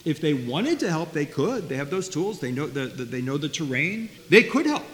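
A man teaching a Bible study class, talking in a lively way, often repeating words and asking his listeners questions. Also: a little high, normal speed. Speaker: Torah teacher. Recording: faint hiss, long reverb.

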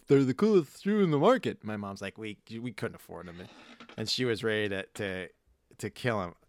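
Male podcast host, 30s, rambling storyteller; smooth, resonant, dry close mic. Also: on the low side, fairly bright tone, no room sound. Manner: rambling anecdotal storyteller, swears freely. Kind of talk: casual chat.

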